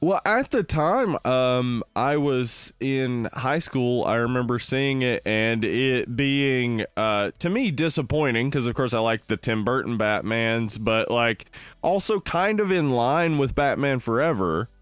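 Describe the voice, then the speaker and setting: A man's voice: mid-range voice, animated, unhurried, smooth, no room sound, soft background music. A man in his thirties co-hosting a podcast, rambling casually about films with lots of "like". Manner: rambling, many "like"s and restarts. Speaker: podcast co-host. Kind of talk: casual film-review chat.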